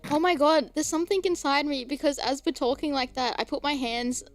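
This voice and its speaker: A woman hosting a casual gaming chat, giggling often between quick remarks. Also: high voice, steady tone. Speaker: streamer host.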